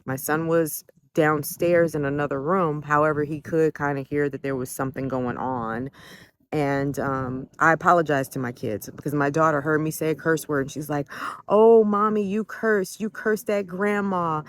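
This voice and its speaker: A woman's voice: low-pitched, level tone, moderate pace. A woman telling a personal family story, candid and emotional, swearing freely as she gets indignant. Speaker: adult child recounting family conflict.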